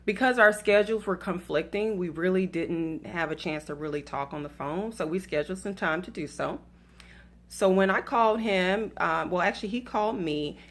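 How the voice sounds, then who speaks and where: A woman's voice: fairly low pitch, normal speed, fairly bright tone. A woman with a Southern accent talks to her viewers in a casual, chatty way. She is playful and laughs at her own stories. She mixes faith with dating advice and calls her audience y'all. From Atlanta, US South. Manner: addresses viewers directly as y'all.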